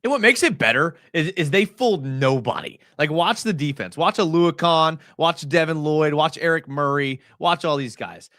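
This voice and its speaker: Excitable man breaking down game film. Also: fairly high pitch, moderate pace, few pauses, no echo, clean studio sound. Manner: chatty, filler-heavy, excitable. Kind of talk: casual live-stream film breakdown.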